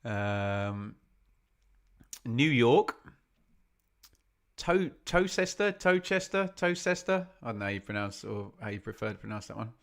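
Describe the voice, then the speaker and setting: A man's voice: lowish voice, steady tone, moderate pace, vocal fry. A man hosting a football watch-along live stream, reading viewers' locations from the chat in a chatty, self-deprecating way.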